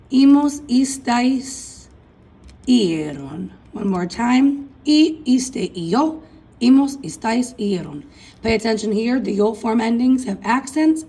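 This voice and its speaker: A woman talks through a lesson at an unhurried, deliberate pace. Her voice carries a slight huskiness. She chants lists of endings aloud and calls her listeners folks. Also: medium pitch, dark tone, husky, poor audio. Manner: chanting verb endings, addressing students as folks. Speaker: Spanish teacher. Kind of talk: recorded classroom lesson.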